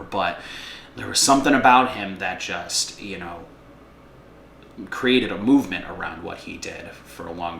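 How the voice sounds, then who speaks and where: A man's voice: sits low, fairly bright tone, slight background noise. A man chatting casually as a guest musician, laid-back and rambling, with self-deprecating asides. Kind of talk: casual chat. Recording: roomy with faint ambience.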